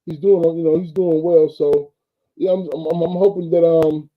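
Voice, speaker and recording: A man's voice: on the high side, fairly even intonation, normal speed, narrow, tinny audio. A man who coaches football, talking sports in an easygoing way and often saying "man" and "bro". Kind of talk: casual sports talk.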